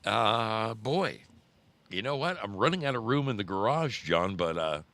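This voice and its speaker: A man in his sixties hosts a casual livestream in a lowish voice with lively intonation, speaking a little slowly. He warmly greets chat viewers by name and tells rambling road stories.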